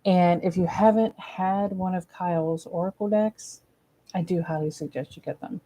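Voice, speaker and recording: A woman talks through a weekly card reading in a loose, chatty way. She gushes, drops casual swears and keeps things informal. Her voice sits fairly low and sounds mellow and relaxed. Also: moderate pace. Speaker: psychic medium.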